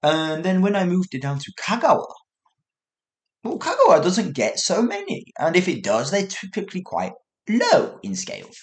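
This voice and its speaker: A middle-aged man, hosting a podcast for learners and telling a story in a casual way. He is animated, mimics sounds with little noises and corrects himself mid-sentence. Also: sits high, moderate pace. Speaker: English teacher podcast host.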